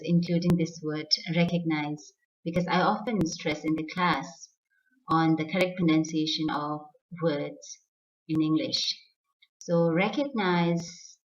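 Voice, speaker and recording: A middle-aged woman teacher, a native Tibetan speaker, works through a pronunciation lesson at an unhurried pace, repeating each word so it sinks in. Her voice sits a little low. She sounds set back from the mic, and the recording is dull and lo-fi. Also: darkish tone, distant mic. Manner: slow, careful, repeats words for drill.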